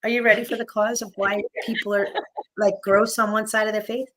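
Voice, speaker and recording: A woman hosting a casual live chat, blunt and sarcastic, swearing freely and getting loud when worked up. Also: mid-range voice, level tone, fairly quick. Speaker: livestream host.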